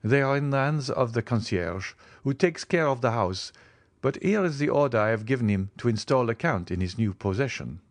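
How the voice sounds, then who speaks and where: A man's voice: mid-range voice, animated, moderate pace, no room sound, natural voice. A man voicing a plain, polite provincial notary who chatters eagerly about a sale. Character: plain, fee-minded provincial male notary.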